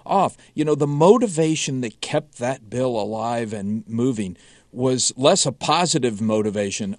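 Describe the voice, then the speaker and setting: A man's voice: mid-range voice, expressive, normal speed, no room sound, studio quality. A man, a journalist, explaining in a colorful, conversational way.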